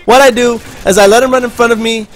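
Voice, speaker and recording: A high-pitched man talks over his game footage in a loose, rambling way, trailing off and restarting as he explains each play. He swears offhand and keeps a casual, chatty tone. A faint hiss sits under his home microphone. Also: steady tone, quick pace. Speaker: gaming channel host. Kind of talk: casual gameplay commentary voice-over.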